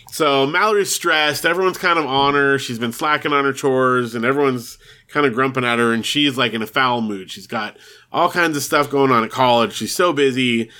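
A man's voice: mid-range voice, moderate pace, pushed and bright. A man co-hosting a podcast, casually recapping a TV episode, laughing often and acting out the characters' lines. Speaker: podcast co-host.

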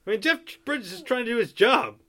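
Mild-mannered man, lively and hedging. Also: very high-pitched, fairly quick, a little hiss or hum. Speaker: co-host. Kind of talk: casual podcast chat.

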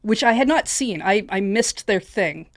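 A woman's voice: mid-range voice, lively intonation, normal speed, dry recording, clean studio sound. A female streamer in casual panel chat, telling candid stories about her streams. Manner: candid, storytelling.

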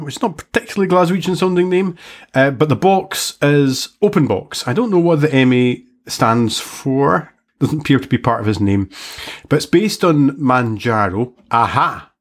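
A man hosting a casual podcast chat, joking and teasing himself as he talks. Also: on the high side. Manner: joking, self-mocking. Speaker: podcast host.

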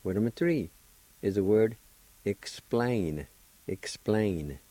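Radio host, male, slow deliberate teacher, mellow dry studio voice. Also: fairly low pitch, lively intonation, no room sound, rough recording. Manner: slow, deliberate, spells syllables one at a time. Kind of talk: slow spelling and pronunciation lesson.

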